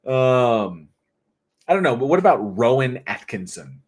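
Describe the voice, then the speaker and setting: A man's voice: mid-range voice, big pitch swings, unhurried, darkish tone, slightly rough. A tired man hosting a casual livestream, reading out viewer comments in a chatty, jokey way and often laughing. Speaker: livestream host.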